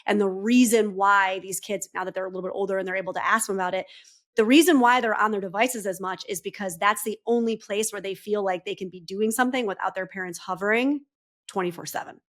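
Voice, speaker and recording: A woman with a mid-range voice co-hosts a podcast in loose, casual conversation. She thinks aloud as she talks and fills pauses with "like" and "um.". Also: mid-range voice, steady tone, a bit bright. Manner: reflective, talks things through with many fillers. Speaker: podcast co-host. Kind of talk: casual chat.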